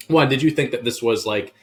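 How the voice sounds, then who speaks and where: Casual male co-host, blunt and animated, ordinary mid-range voice. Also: medium pitch. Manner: animated, blunt, restarts often. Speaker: podcast co-host. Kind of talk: casual sports chat.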